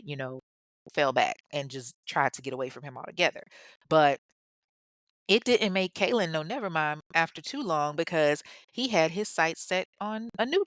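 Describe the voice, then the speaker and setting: A woman's voice: on the low side, a bit bright, no room sound, clean studio sound. A young woman retelling a true-crime story in casual talk, blunt and profane, with mocking asides.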